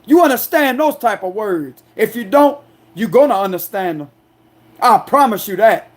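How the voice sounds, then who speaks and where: Forceful, defiant man ranting. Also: high-pitched, animated, normal speed. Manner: defiant, confrontational, repeats "you understand me"; loud, forceful, aggressive delivery. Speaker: astrology tarot reader. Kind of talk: angry ranting monologue.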